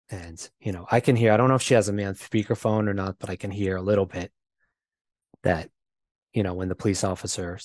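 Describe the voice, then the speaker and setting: A man who is an interview guest, telling a personal story in a halting way, with many fillers and repeated words. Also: low-pitched, darkish tone, no room sound.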